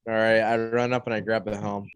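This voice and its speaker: Hesitant man with a smooth voice. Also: lowish voice, little pitch movement, no echo. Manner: hesitant, halting, full of ums. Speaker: player. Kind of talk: tabletop game play.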